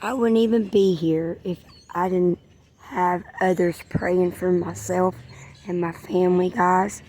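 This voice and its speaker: A woman's voice: lowish voice, steady tone, unhurried, darkish tone. A woman sharing her faith in an earnest vlog, repeating phrases and sometimes dropping to a whisper. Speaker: vlogger.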